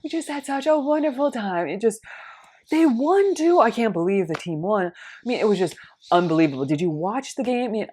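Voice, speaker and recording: A woman voicing a cheerful woman who gushes in a bubbly, high-pitched way. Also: big pitch swings, a little fast, few pauses, darkish tone, lightly acted. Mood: gushing. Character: cheerful woman raving about a game.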